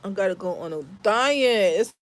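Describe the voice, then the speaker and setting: A woman's voice: medium pitch, lively intonation, moderate pace. A middle-aged woman from the Bronx, chatting casually to her vlog viewers, emphatic and repeating herself. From the Bronx, New York. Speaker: family vlogger.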